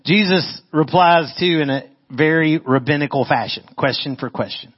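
This pastor, mid-range in pitch, talks a little fast with hardly any pauses as he delivers a conversational sermon. He keeps asking the congregation questions, and the lo-fi recording sounds dull.

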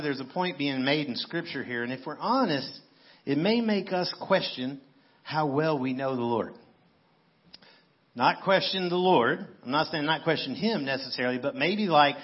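Husky-voiced pastor preaching casually. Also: male voice, on the high side, muffled recording. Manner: conversational, animated storytelling with playful asides. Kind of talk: sermon. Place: church sanctuary. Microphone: handheld microphone.

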